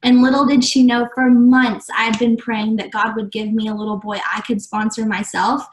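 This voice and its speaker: A woman's voice: a little high, level tone, moderate pace, slight background noise. A young woman guest in a casual interview, telling a story earnestly, with many fillers, acting out what others said. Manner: earnest, many "like" fillers, acts out quoted dialogue. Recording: echoey room.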